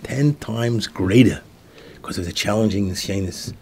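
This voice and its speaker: A low, gravelly male voice belongs to a rabbi telling a story in a sermon. He drops to soft, hushed tones whenever he acts out the dialogue, over a faint hiss of background noise. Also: moderate pace.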